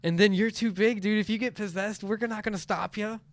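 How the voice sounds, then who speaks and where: A man's voice: sits high, steady tone, brisk, dry recording. A man co-hosting a casual podcast, giving short reactions and joking banter.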